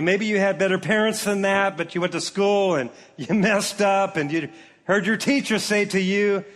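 A man preaching a sermon to a large church congregation, reading scripture slowly and joking with the crowd. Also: high-pitched, fairly bright tone. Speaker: pastor. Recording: long reverb of a large hall.

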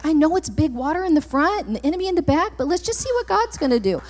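High-voiced woman preaching emphatically. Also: very animated, fast, few pauses, slight background noise. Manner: emphatic, repeating commands and rising to shouts. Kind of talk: sermon. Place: church sanctuary. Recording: long reverb in a church hall.

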